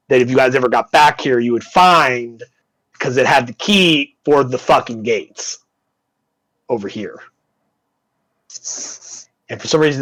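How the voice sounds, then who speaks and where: A man's voice: medium pitch, fairly bright tone, low-quality recording. A young man running a tabletop game as game master, casual and loose, with lots of filler words and swearing.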